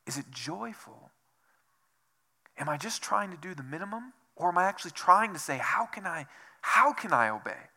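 A man's voice: sits high, very animated, normal speed, pushed and bright. A man preaching a sermon as pastor, asking rhetorical questions over and over and dropping to a whisper for emphasis. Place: church.

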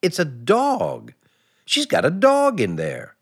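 A jumpy, bumbling husband. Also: male voice, high-pitched, wildly swooping pitch, takes it slowly, exaggerated voice. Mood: flustered. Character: fretful middle-class husband, jumpy and bumbling. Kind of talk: 1940s radio acting.

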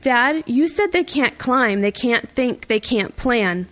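A woman reading an audiobook, voicing a scared, desperate sixteen-year-old girl who pleads in a high, rushed voice. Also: close to an everyday voice. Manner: pleading, rapid and high when upset. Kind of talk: audiobook character voice.

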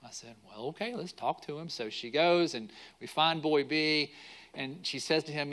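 A middle-aged man preaching a sermon, telling a story with animated quoted voices. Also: a little high, normal speed. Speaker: pastor.

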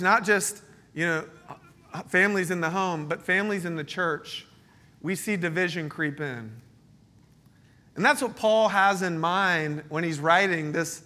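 Brief: male pastor, high and bright tone, lively storytelling sermon. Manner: storytelling, joking, animated. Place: church meeting space.

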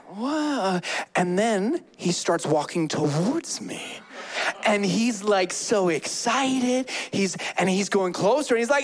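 A man's voice: sits high, slow. A man in his thirties preaching a sermon, telling stories with animation and acting out the people in them. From Canada. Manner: animated storytelling, acts out quoted people. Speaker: pastor.

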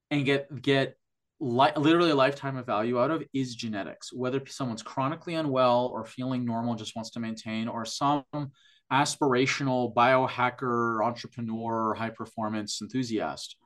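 A man's voice: medium pitch, fairly bright tone. A man who works in functional medicine, a guest on a podcast interview, explaining at length with enthusiasm and frequent restarts.

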